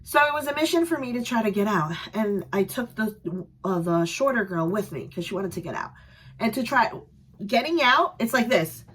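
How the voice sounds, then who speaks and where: A young adult woman vlogger telling a story in a casual, chatty way, animated and quick to laugh. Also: medium pitch, slightly rough.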